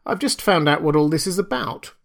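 A man's voice: a little high, expressive, fairly quick, creaky, a bit bright, voice pushed up. A man voicing Chuck, a nervous and urgent young computer engineer, in an audiobook reading. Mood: uneasy.

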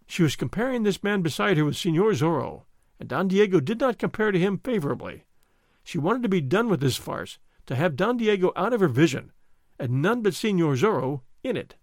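A man narrating a story aloud in an expressive, theatrical reading style. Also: sits high, brisk, no echo, clean studio sound. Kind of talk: audiobook reading.

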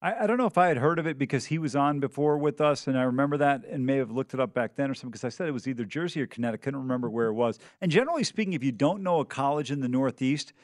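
A man's voice: mid-range voice, lively intonation, very fast, hardly any pauses, dry recording, clean studio sound. A man co-hosting a sports betting show, talking in an emphatic, jokey, opinionated way. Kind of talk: casual sports talk.

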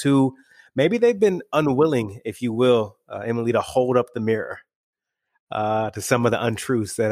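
A man's voice: fairly low pitch, no echo, clean studio sound. A man hosting a podcast interview, affirming and enthusiastic as he asks his guest a question. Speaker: podcast host.

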